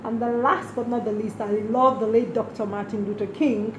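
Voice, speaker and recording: A woman's voice: a little high, steady tone, moderate pace. A middle-aged woman from Nigeria, answering interview questions earnestly and reflectively. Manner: earnest, speaks directly to late mother. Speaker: interview guest. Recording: roomy with clear background noise.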